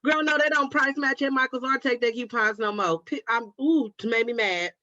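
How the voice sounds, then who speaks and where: Reading comments on her craft livestream, this Oakland, California, host chats casually with viewers, addressing them as "baby" and "girl." She speaks at a normal speed with a slightly high, pushed, bright voice. The audio is dry, slightly dull, and has no room sound.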